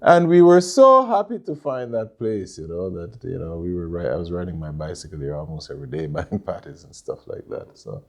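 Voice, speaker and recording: A middle-aged man with a Jamaican accent, telling stories in a relaxed interview with many fillers and restarts. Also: deep voice, fairly quick, hardly any pauses. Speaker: interview guest, Caribbean store owner. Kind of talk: casual conversational interview.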